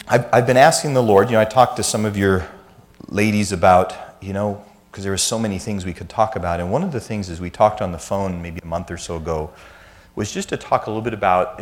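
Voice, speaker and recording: A man in his fifties, a church speaker giving a conversational sermon full of self-deprecating family anecdotes. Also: fairly low pitch.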